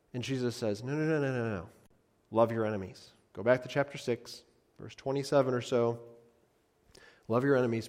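A man preaching a sermon as a pastor, earnest, often repeating phrases for emphasis and swinging between loud and soft. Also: on the high side, long reverb tail.

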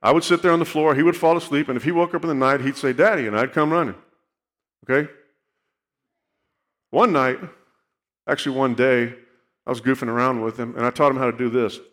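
A man at middle pitch telling a personal testimony from a church stage. He speaks earnestly and keeps checking in with his listeners. A long reverb from the big hall hangs on his words. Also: steady tone, brisk, pauses often, a bit bright. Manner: earnest storytelling, checks in with "okay?". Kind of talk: sermon testimony.

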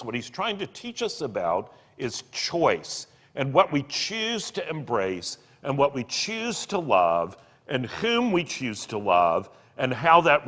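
A man reading book passages aloud and explaining them in an earnest, expressive way, with occasional fillers. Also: mid-range voice. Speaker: podcast co-host discussing a book. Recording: long reverb on the voice.

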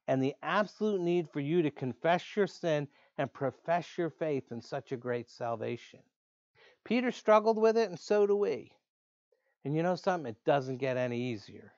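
Male pastor preaching, earnest, slows for emphasis, dry dull lo-fi recording. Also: fairly high pitch, no room sound. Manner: earnest, slows down to stress key words. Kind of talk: sermon.

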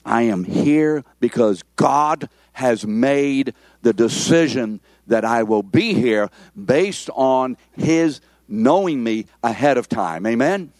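Slow, emphatic male pastor, dry close sound, repeats points and asks for amens. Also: mid-range voice, animated, a little mellow, no room sound. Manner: emphatic, repetitive, calls for amens. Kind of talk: sermon.

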